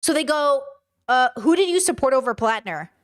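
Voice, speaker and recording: A woman with a high voice hosts a livestream, reading chat messages aloud. She answers bluntly and swears often, with open exasperation. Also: animated, moderate pace. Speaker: livestream host.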